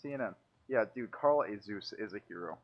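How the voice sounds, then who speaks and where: A man's voice: lowish voice, animated, a little fast, muffled recording. A young man joking and teasing his friends as he comments on a video game, laughing often. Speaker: let's play commentator. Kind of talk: casual gaming banter.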